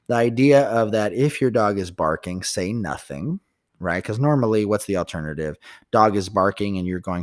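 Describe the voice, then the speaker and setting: A man who co-hosts a dog training podcast, explaining behavior in a casual, talkative way with many pauses and restarts. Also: deep voice, no room sound, studio quality.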